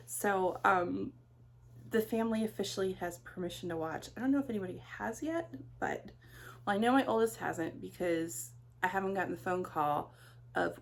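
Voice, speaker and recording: Chatty middle-aged woman, gravelly edge. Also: medium pitch, moderate pace. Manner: chatty, rambling, warm storytelling with many fillers. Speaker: craft vlogger. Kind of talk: casual chat vlog.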